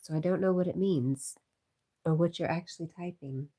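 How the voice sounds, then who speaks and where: Low husky woman chatting on a livestream. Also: moderate pace, warm tone. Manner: chatty, reads comments aloud, often drops to a whisper. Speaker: livestream host. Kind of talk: casual livestream chat, reading viewer comments.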